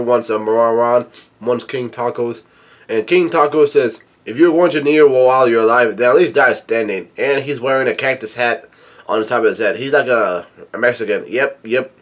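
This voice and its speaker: A man with a voice of middling pitch reads a comic chapter aloud in a relaxed, casual way. He keeps breaking off from the text to drop in quick, offhand remarks of his own. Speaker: manga chapter reader and commentator. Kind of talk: casual reading with commentary.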